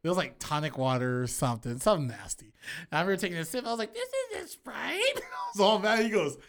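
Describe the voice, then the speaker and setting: A man chatting casually on a drinking podcast, laughing often and jumping into high squeaky voices when he quotes people. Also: rapid-fire, crowd noise. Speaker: podcast co-host.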